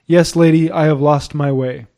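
A man's voice: on the high side, steady tone, moderate pace, warm tone, natural voice. A man playing a tearful, pleading young page. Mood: melancholy. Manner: pleading, sorrowful, half-articulate. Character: melancholy young foreign male page, tearful and imploring.

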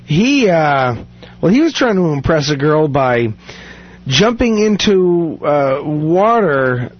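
A man's voice: fairly high pitch, sing-song, takes it slowly. A man hosting a casual chat, rambling with many fillers and laughing often. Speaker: podcast host. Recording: dull lo-fi sound.

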